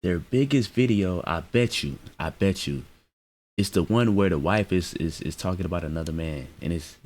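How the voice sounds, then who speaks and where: A man's voice: deep voice, normal speed, darkish tone. A man giving casual, joking reaction commentary with loose slangy asides.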